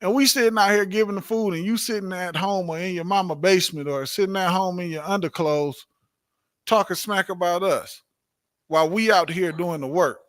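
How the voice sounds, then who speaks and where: In a high-pitched voice at normal speed, a man leads a religious class like a sermon, hammering his points home through repetition and rhetorical questions.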